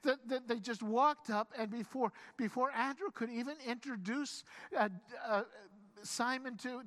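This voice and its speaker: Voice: mid-range voice, fairly bright tone. A pastor preaching a sermon, telling the story with animation, acting out quoted lines and often stumbling into restarts. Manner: frequent stammered restarts.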